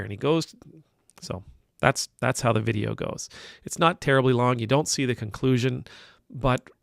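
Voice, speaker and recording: Man, gravelly voice, casual commentary, conversational, dry close sound. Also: mid-range voice, no echo. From Canada. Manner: conversational, searching for words, emphatic when objecting. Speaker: Anglican priest commentator.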